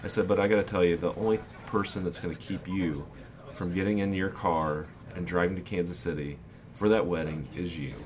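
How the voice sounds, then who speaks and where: A man in his twenties casually telling a personal story over gameplay, candid and animated, often quoting what people said. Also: sits low, fairly quick, crowd noise. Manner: candid, animated retelling with quoted dialogue. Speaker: gaming YouTuber.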